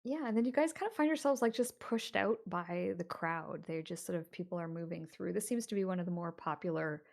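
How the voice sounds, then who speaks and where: A woman's voice: on the low side, a little fast, vocal fry, darkish tone. A woman running a tabletop horror game as game master, describing scenes in a loose, chatty way with many fillers.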